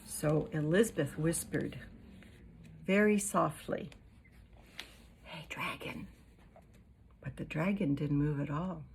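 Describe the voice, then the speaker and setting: A woman reading a picture book aloud to young children as a storyteller, playful and animated, asking the listeners questions. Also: fairly low pitch, slightly rough.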